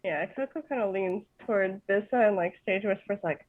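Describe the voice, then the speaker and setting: A woman's voice: mid-range voice, moderate pace. Giggly woman player on a tinny call. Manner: giggly, chatty. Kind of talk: casual tabletop play. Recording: dry, phone-like call audio.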